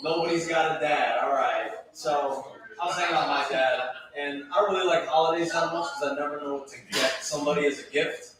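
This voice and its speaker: A man doing a stand-up set at an open mic with dry, deadpan setups. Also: fairly high pitch, a little fast, noisy background. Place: bar stage at an open mic. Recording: echoey room, taped from far off.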